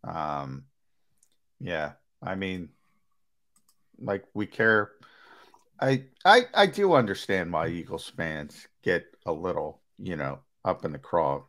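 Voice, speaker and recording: A man's voice: deep voice, a bit bright. A man co-hosting a sports talk show, conversational and hedging, with emphatic bursts. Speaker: sports radio co-host.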